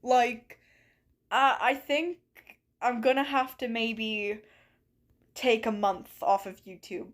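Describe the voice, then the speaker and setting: A woman's voice: a little high, fairly even intonation, slow pace, pauses often. A woman streaming a game from her bedroom, chatting with viewers in a playful, mock-dramatic way. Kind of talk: live-stream chat while gaming. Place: bedroom at home.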